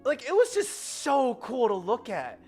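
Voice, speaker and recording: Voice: mid-range voice, huge pitch swings, measured pace, darkish tone, breathy edge, soft background music. A young adult with an American accent, chatting casually in a rambling travel vlog, full of fillers and self-corrections. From United States. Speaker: vlogger.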